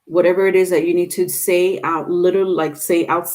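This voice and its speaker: A woman's voice: on the low side, little pitch movement, brisk, a little mellow. Chatty woman giving a tarot reading. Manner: chatty and instructive, with many fillers and restarts. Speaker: tarot reader. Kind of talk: casual tarot reading to camera.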